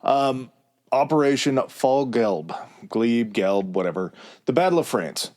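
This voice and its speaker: A man's voice: medium pitch, very animated, measured pace, darkish tone. Man reeling off history dates casually. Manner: reads dates and figures, crude jokes, laughs often. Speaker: podcast co-host.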